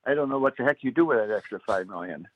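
An older man, a retired newspaper editor, talking as a radio guest, halting and full of fillers. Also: medium pitch, lively intonation. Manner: halting, many fillers and restarts. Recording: tinny phone line.

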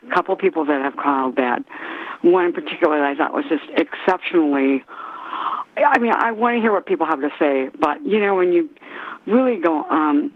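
A woman calling in to a radio talk show, halting with many fillers and restarts, her voice going hoarse. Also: low-pitched. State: losing her voice. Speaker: caller. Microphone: telephone. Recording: tinny phone line.

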